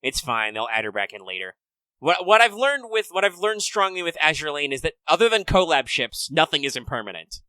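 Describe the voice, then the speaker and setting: Bright, clear-voiced man chatting. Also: fairly high pitch, a little fast, no room sound, low-quality recording. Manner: relaxed, filler-heavy gamer talk. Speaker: podcast co-host. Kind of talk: casual chat.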